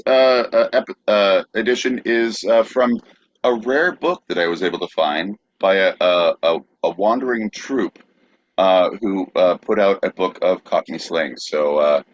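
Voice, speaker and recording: Low-ish deadpan cohost guy, lots of uh's, kinda muffled sound. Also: moderate pace, dry recording. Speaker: podcast co-host. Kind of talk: deadpan comedic banter.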